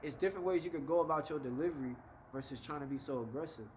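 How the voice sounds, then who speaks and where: A man's voice: a little high, very fast, noisy background. A young adult man talking casually to camera with life advice, laid-back and conversational, slipping into short example voices. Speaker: vlogger giving life advice.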